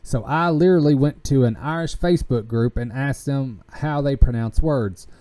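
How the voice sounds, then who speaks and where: A man's voice: mid-range voice, warm tone. A man with a Southern US country accent talking in a casual, rambling way, full of fillers and restarts. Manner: halting, many fillers and restarts. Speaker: podcast host.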